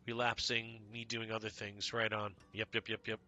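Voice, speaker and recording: Bright-voiced man live-streaming a game. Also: lowish voice, measured pace. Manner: talks to chat by name, excitable, swears casually. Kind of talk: casual gameplay stream chat.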